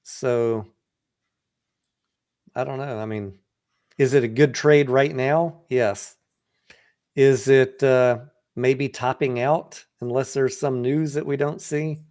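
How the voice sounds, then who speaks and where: A man's voice: mid-range voice, fairly even intonation, slow pace, pauses often, darkish tone. A man hosting a casual livestream and walking through a company's financials in a blunt, profane, conversational way. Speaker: livestream host and stock trader.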